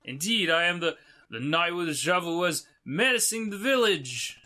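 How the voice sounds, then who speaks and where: A man's voice: high voice, lively intonation, normal speed, bright, forceful tone, pitched above the performer's own voice, heavily acted. Man reading an earnest, formal knight hero. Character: earnest, polite armored male knight hero.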